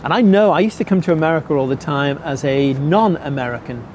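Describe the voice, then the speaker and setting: A middle-aged man, preaching a sermon earnestly and slowing down to stress key words. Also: a little high, darkish tone, slight background noise. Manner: earnest, repeats key phrases slowly for emphasis. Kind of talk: sermon teaching.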